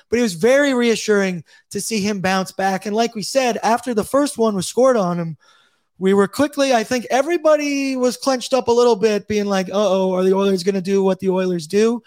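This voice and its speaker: A man's voice: sits high, no room sound. A man hosting a casual hockey talk show, upbeat, reading viewers' chat comments aloud and tossing questions to his co-hosts. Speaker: podcast host.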